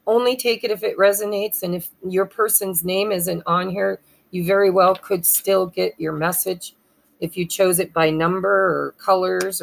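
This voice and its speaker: A woman reads a pick-a-pile tarot spread in a lowish, gravelly voice. Her throat is hoarse and she keeps clearing it. She moves haltingly, spelling names letter by letter and sometimes losing her place. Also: low-quality recording. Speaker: tarot reader.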